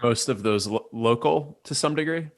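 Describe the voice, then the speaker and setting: A man hosting a podcast interview who asks follow-up questions and shares relatable thoughts in a relaxed way. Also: mid-range voice, moderate pace. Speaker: podcast host. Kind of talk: casual interview chat.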